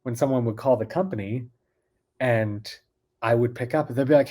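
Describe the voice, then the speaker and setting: Mellow, easygoing male guest; relaxed anecdote-teller. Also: medium pitch, moderate pace. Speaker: guest, card magician. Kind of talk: casual chat.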